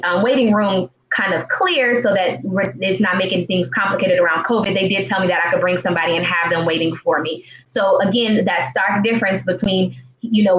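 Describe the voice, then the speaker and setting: A woman's voice: medium pitch, fairly bright tone, slight background noise. A woman in her thirties, telling her own story as a guest in a live-stream interview, earnest and heartfelt, with many fillers and restarts. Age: 30s. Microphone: video call. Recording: roomy, dull live-stream audio.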